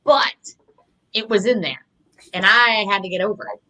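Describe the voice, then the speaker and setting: Bright-voiced woman coaching conversationally. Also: medium pitch, moderate pace, low-quality recording. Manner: conversational, reflective, with personal anecdotes. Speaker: communication coach. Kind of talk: live online coaching talk.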